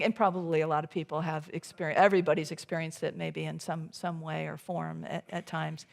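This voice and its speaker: A woman giving a conversational sermon at a church service. She talks in a relaxed, chatty way with many fillers and restarts, and acts out her own inner thoughts in quotes. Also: lowish voice, creaky. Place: church sanctuary.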